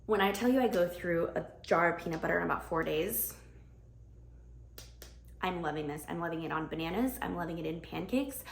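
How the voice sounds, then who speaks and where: A woman's voice: lowish voice, brisk, vocal fry, a little hiss or hum. A young woman vlogging in casual, bubbly chat straight to camera, talking with lots of enthusiasm. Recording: echoey room.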